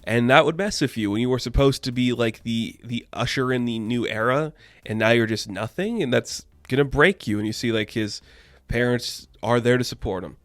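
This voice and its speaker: A man's voice: medium pitch, normal speed, no room sound. A man recapping and reviewing a comic book issue in a loose, rambling way, full of "like" fillers. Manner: rambling, heavy use of "like" fillers.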